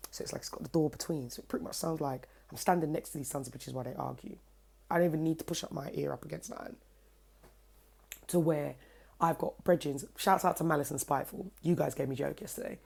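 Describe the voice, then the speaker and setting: Low, husky woman telling a story. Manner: animated, cheeky, swears freely. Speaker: vlogger. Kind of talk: casual storytelling to camera. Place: at home, indoors by her kitchen window.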